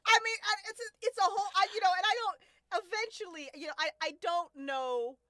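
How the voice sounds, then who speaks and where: A woman hosting a casual podcast chat as the show's writer, animated and profane, often laughing. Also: very high-pitched, a little fast, no room sound, clean studio sound. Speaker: podcast writer and cast host.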